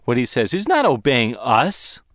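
A man teaching a Bible lesson on Hebrew words, speaking deliberately and slowing down to stress key words. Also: mid-range voice, wildly swooping pitch, a bit bright, no echo, clean studio sound.

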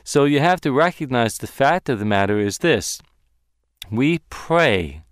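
A man teaching a Bible lesson on Hebrew words, speaking deliberately and slowing down to stress key words. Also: medium pitch, expressive, no echo, clean studio sound.

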